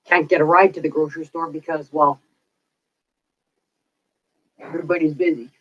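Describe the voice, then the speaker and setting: This woman vlogger speaks low, at normal speed and in a steady tone, while ranting casually and swearing freely. The lo-fi recording is dull and dry.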